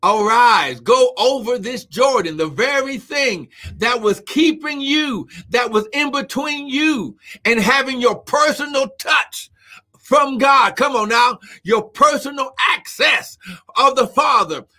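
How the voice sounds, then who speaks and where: A male preacher with a very high, bright and forceful voice, delivering a sermon to an online audience. He preaches with fervour, often shouts and keeps urging his listeners on with "come on now." He breaks into speaking in tongues now and then. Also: slow pace. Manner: fervent, frequently shouting, repeats "come on now". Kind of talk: live-streamed sermon.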